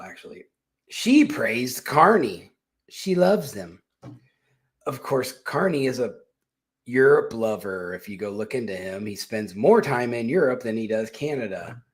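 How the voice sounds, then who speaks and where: A man hosting a casual political commentary show, talking in a blunt, sarcastic, rambling way and cursing freely. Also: medium pitch. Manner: sarcastic, blunt and mocking, with swearing; rambling with restarts and asides. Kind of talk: casual opinion monologue.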